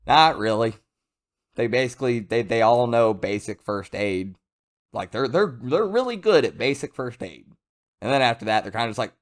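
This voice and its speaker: A man giving a casual, rambling video review of a comic chapter, chatty and lively. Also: on the low side, normal speed. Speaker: manga reviewer.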